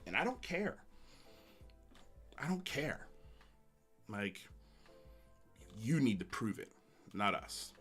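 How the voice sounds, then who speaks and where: A man's voice: medium pitch, big pitch swings, takes it slowly, pauses often, fairly bright tone, faint music behind. A man hosting a livestream, ranting bluntly and sarcastically, then reading viewer comments with frequent laughs. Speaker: livestream host.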